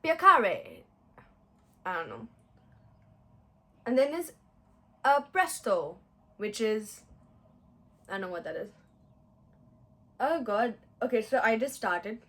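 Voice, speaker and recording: A woman's voice: medium pitch, big pitch swings, slow, pauses often. A young woman chatting casually on her vlog while doing her makeup, giggly and self-mocking. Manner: chatty, giggly, self-mocking, with playful mock-Italian put-on phrases. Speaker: vlogger.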